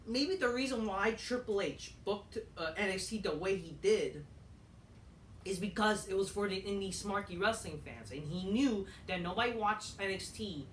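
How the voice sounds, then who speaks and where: A woman's voice: medium pitch, expressive, moderate pace. Woman ranting, roomy and distant sound. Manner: rambling, repeats phrases, swears, restarts sentences. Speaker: wrestling commentary vlogger. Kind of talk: ranting casual commentary. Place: at home. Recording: roomy echo, distant from mic, faint noise.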